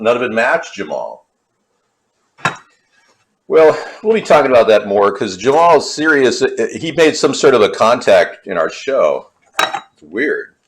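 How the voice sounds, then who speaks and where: A man's voice: fairly low pitch, background noise. Rambling man cooking in an echoey kitchen. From Hollywood, California. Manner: wandering, conspiratorial asides to chat. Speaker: cooking livestream host. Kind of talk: rambling casual chat while cooking. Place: home kitchen. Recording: echoey kitchen with faint clatter.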